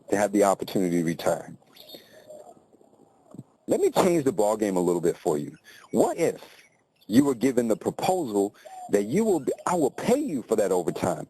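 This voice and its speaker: A man's voice: mid-range voice, mellow, poor audio. A man telling a motivational story in a conversational way, often checking in with tag questions.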